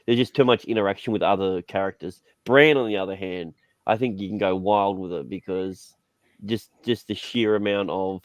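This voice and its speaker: A man's voice: deep voice, fairly even intonation, moderate pace, no room sound. A man on a podcast panel, talking bluntly and joking, with casual swearing.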